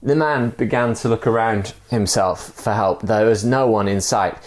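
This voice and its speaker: A pastor preaching a sermon, telling a fable in a relaxed way with many fillers. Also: male voice, on the low side, moderate pace.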